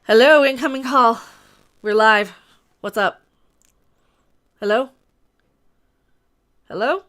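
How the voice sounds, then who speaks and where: A woman hosting a casual opinion livestream, blunt and ranting, with quick asides. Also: on the high side, a bit bright. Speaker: livestream host.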